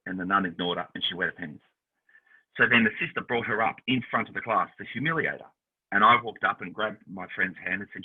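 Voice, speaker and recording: A man co-hosting a casual chat, telling animated stories and acting out the voices of people he quotes. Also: lowish voice, brisk, husky. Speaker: podcast co-host. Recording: tinny phone-line sound.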